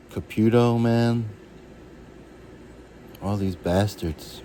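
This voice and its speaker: Rambling man with a low voice. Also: a little hiss or hum, low-quality recording. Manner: rambling, halting, restarts and jumps between stories; shouts and jumps high when acting out others. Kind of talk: rambling personal storytelling.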